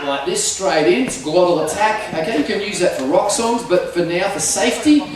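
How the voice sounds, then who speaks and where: In a hall before a live audience, a man leads a group singing lesson, energetically demonstrating sung vocal slides. His voice sits high, expressive and brisk, while the recording is echoey, far from the mic, with loud music.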